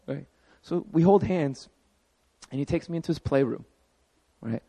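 A man in his thirties preaching a sermon as pastor, telling a personal story with animated emphasis. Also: a little high, moderate pace, creaky, husky.

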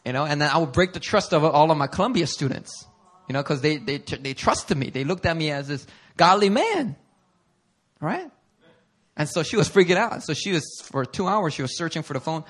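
Casual: guy preaching at church, telling a funny story, bright voice, laughs a lot. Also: fairly high pitch, brisk. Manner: animated, conversational, laughs often. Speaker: pastor. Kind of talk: storytelling sermon. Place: church service before a congregation.

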